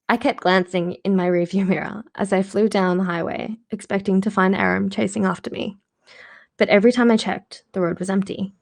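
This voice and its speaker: A woman reading a novel aloud in a relaxed live-stream manner. Her voice carries steady vocal fry, and she stops now and then to correct a misread word or add a quick aside before going on. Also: medium pitch. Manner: reads aloud, corrects slips and adds asides. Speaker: reader of novels.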